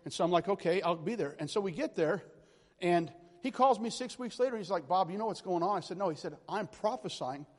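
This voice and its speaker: A man's voice: sits high, a little fast. A man preaching a charismatic sermon, telling stories animatedly and checking in with the congregation. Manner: animated, rambling storyteller addressing congregation. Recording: long hall reverb.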